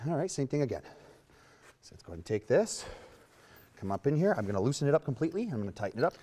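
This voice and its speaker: A man giving a hands-on lesson as a horse trainer, with coaxing, rhythmic repeated cues and soft praise. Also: medium pitch, sing-song, rapid-fire. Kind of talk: hands-on instruction.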